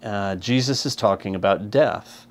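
A man's voice: lowish voice, measured pace, slight background noise. A man reading a scripture passage aloud, then teaching on it verse by verse in an earnest, explanatory way, raising his voice to stress key points. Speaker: Bible teacher.

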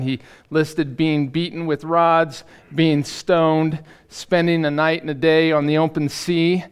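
A middle-aged man preaching as a pastor in a church, halting and self-deprecating, with many fillers and restarts. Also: on the high side, smooth. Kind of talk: sermon. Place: church sanctuary.

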